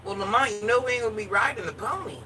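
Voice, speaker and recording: Playful joking woman, sharp bright voice. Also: medium pitch, very fast. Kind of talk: casual chat with viewers. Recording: distant mic with faint background noise.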